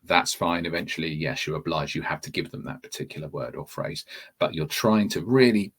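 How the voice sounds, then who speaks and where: Man, very low voice, husky, webinar tutor, chatty and self-correcting. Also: a little fast, fairly bright tone. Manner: conversational, restarts phrases, addresses viewers directly. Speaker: TEFL course tutor. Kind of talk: webinar explanation.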